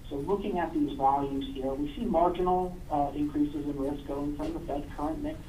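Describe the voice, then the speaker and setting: Man presenting to a board, mid-pitched and steady; distant mic with audible background noise. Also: normal speed. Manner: steady, explanatory, some fillers and restarts. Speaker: investment consultant presenting to a retirement board. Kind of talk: explanatory presentation at a public board meeting. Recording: echoey room, distant mic, noticeable noise.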